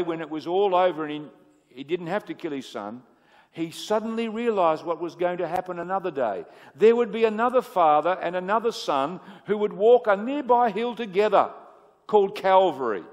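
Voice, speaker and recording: Man, preacher, sermon, fairly high voice, loud then hushed, asks questions, long hall reverb. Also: highs cut off. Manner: swings between booming emphasis and hushed low asides, asking the audience questions.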